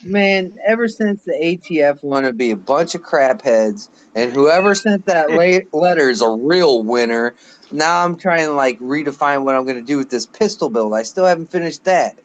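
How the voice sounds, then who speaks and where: A man's voice: a little high, animated, moderate pace. A man in his late thirties ranting bluntly and swearing in a casual live chat. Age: late 30s. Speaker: guest on a live show.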